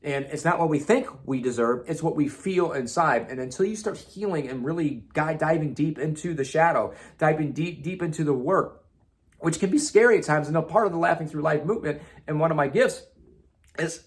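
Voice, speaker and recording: A motivational speaker with a fairly high voice talks fairly quickly in an emphatic spiritual self-help monologue, repeating himself and swearing casually.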